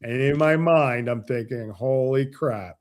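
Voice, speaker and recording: A man, a financial advisor guest on an interview show, explaining with animated stories and acted-out dialogue. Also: mid-range voice, a little slow. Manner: animated, acts out quoted dialogue. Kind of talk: casual interview storytelling.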